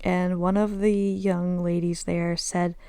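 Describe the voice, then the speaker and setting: A woman's voice: on the low side, flat delivery, slow, dark tone, clean tone, no echo. A woman with a Southern American accent talking candidly and self-deprecatingly on her own podcast, slipping in Arabic phrases. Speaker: podcast host. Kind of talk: casual solo podcast storytelling.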